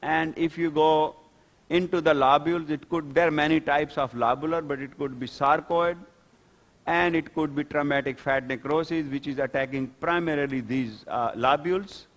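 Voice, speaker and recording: A man giving a conference lecture on skin pathology, halting and explanatory with many fillers and restarts. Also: fairly high pitch, fairly even intonation, fairly bright tone. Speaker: dermatopathology lecturer. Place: conference hall. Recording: reverberant conference hall.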